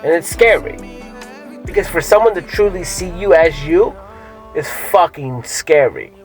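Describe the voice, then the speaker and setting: Man with a slightly raised pitch, loose and rambling, swears a lot, restarts often, music faint behind. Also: expressive, a little slow, rough recording. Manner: profane, rambling, with many fillers and restarts. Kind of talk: casual rambling monologue.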